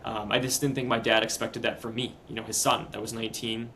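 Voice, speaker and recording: A young man in his twenties, a podcast guest, recounting a hard personal story in a casual, earnest, halting way. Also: lowish voice, flat delivery, noisy background. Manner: earnest, halting, retelling step by step.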